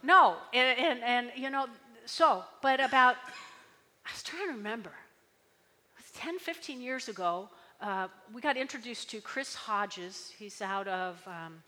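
A woman pastor preaches in a bright, lively tone that sits a little high. She keeps asking the congregation to answer back. Her voice rings out with a long hall reverb. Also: unhurried. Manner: chatty, tag questions, audience call-and-response. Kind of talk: sermon.

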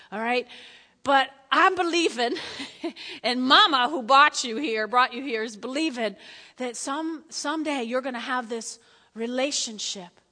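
A woman pastor delivers a sermon in a high, bright voice. She talks conversationally and repeats herself, moving between loud emphasis and hushed asides. The sound carries a long hall reverb.

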